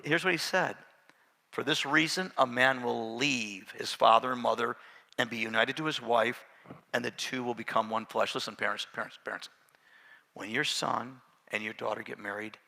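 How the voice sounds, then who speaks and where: Middle-aged man preaching in a church hall with long reverb; high, cutting voice, swings between loud emphasis and quiet asides. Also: moderate pace, creaky. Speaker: pastor. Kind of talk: sermon. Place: church sanctuary.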